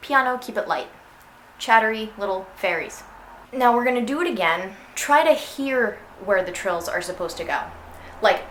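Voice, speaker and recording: A woman's voice: a little high, fairly bright tone. A young woman teaching an orchestral clarinet excerpt in a casual, chatty way, singing phrases aloud to show them. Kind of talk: instructional music lesson. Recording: echoey room with faint noise.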